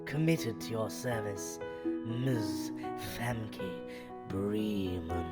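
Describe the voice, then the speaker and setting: A man's voice: fairly low pitch, drawn-out words, voice pushed down. A man voicing a female scammer posing as a bank agent, reading her emails in stiff, formulaic phrasing over faint music. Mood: stiffly formal. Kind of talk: reading scam emails aloud.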